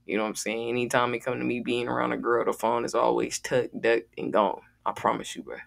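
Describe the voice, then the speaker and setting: A man's voice: mid-range voice, steady tone, brisk, creaky. A man hosting a music reaction video, talking casually in a slangy, laid-back way. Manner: slangy, laid-back, peppers talk with "bro" and "gang".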